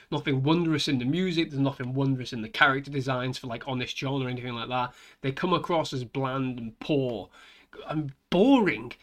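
A man giving an exasperated, sighing film review rant, swearing often. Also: medium pitch.

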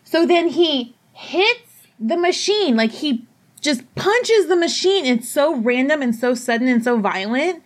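A woman casually retelling a movie plot, animated and profane, acting out quotes along the way. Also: high voice, measured pace. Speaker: podcast co-host. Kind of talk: casual chat.

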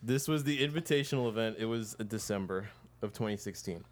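A man co-hosting a casual chat, narrating a story briskly and teasing his friend. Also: on the low side. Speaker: podcast co-host.

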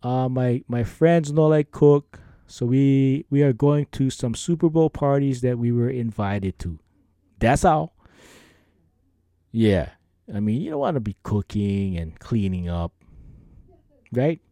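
Laid-back Hawaiian Pidgin man, slow talk. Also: mid-range voice, animated, dark tone, no echo, clean studio sound. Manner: laid-back, laughs often, playful. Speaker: podcast host reading listener emails. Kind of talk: casual chat.

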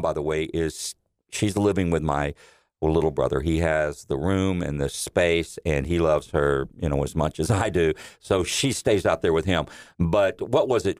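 A man's voice: deep voice, dry recording, studio quality. A middle-aged man, a radio personality, telling family anecdotes as an interview guest, laughing often and acting out quotes. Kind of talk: casual storytelling.

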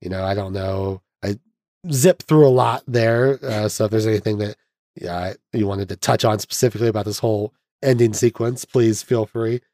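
A man's voice: fairly low pitch, normal speed, a little mellow, no room sound, studio quality. A young man hosting a podcast, casually retelling a film's plot with chuckles and mock voices. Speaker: podcast host. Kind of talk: casual film recap chat.

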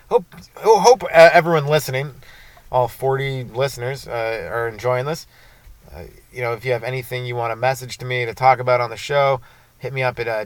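A man's voice: medium pitch, no room sound. Brief: young male comic, rambling profane monologue, mid voice, dry close sound. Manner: profane, rambling, jumps into loud bursts. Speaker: stand-up comedian and podcast host.

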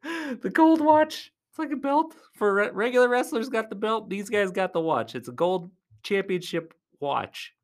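A vlogger giving casual play-by-play commentary at a live event, chatty and laughing often. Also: moderate pace. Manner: chatty, laughs often, lively swings in pitch. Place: at a live arm-wrestling event.

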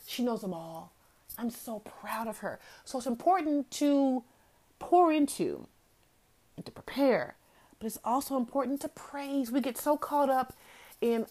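A woman's voice: on the high side, expressive, a little slow, a little mellow. Earnest woman giving a motivational talk. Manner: earnest, repeats key phrases for emphasis. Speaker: host of a talk series.

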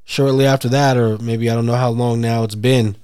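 A man's voice: medium pitch, steady tone, fairly quick, darkish tone, clean tone, dry recording, studio quality. Man in laid-back casual chat.

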